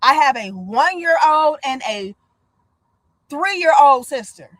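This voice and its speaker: She talks slowly in a high-pitched voice, with no echo on the recording. A US woman in her thirties, she hosts a laid-back livestream chat where she tells stories animatedly, bluntly and profanely.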